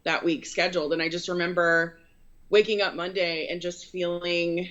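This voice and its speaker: A woman's voice: lowish voice, little pitch movement, normal speed, a bit bright. A woman who owns a photography business, telling her story in a casual interview in an earnest, rambling way with many fillers. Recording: dull lo-fi recording.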